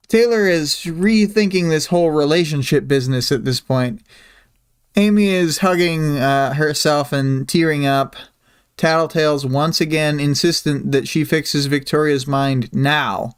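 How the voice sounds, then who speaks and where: A host talking through a chapter on a weekly livestream, rambling and hesitant. The voice is smooth and clear, at an average pitch. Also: measured pace. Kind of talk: casual chapter discussion.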